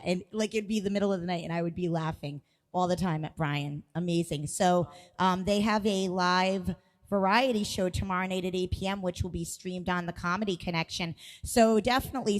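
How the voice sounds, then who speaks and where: A woman's voice: medium pitch, in a large hall. A woman hosting a live music stream, chatting casually and rambling with frequent restarts.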